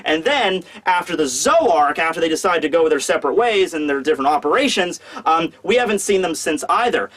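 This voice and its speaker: A man's voice: fairly high pitch, a bit bright. A man reviewing a manga chapter in an enthusiastic, rambling way with many fillers.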